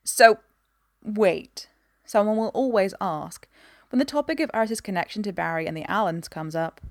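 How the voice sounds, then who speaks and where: A woman reading a story aloud in an even, gentle voice. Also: mid-range voice, normal speed, no room sound, clean studio sound. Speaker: narrator.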